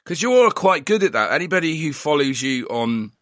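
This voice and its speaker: A man's voice: a little high, sing-song, moderate pace, fairly bright tone, no echo, clean studio sound. A man with a Bristolian accent hosting a casual interview, asking probing questions and nodding along with "yeah". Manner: friendly, probing, fills with "yeah". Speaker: interviewer host.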